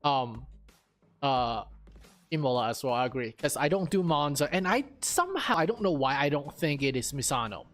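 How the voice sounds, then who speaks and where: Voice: medium pitch, sing-song, moderate pace, a bit bright, soft background music. A co-host on a racing livestream, asking questions and musing casually with some hesitation. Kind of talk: livestream co-hosting.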